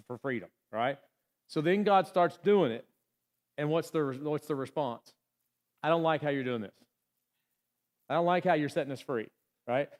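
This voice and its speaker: A man's voice: mid-range voice, a little mellow. A man preaching in a church in a loose, chatty way. He talks to the congregation like friends, with plenty of fillers, and keeps checking in with "right?" and "you know what I'm saying?". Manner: chatty, asks the congregation questions, many fillers. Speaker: pastor. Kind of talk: casual conversational sermon. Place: church sanctuary.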